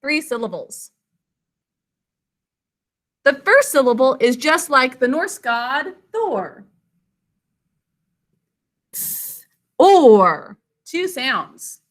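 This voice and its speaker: High, bright-voiced woman teacher. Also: very animated. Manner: slow, deliberate enunciation with praise. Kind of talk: online spelling lesson for children. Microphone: video call.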